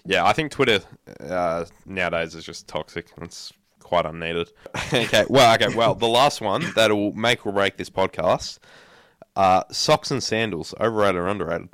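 Young man with a low, dry voice. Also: normal speed, a bit bright, dry recording. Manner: repeats words, stumbles on starts. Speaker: podcast co-host. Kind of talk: casual podcast chat.

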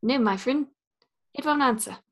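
A woman doing an impression of a gentle male rock creature with a New Zealand accent, talking in a slow, mild, rambling way. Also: high voice. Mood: mild chatty.

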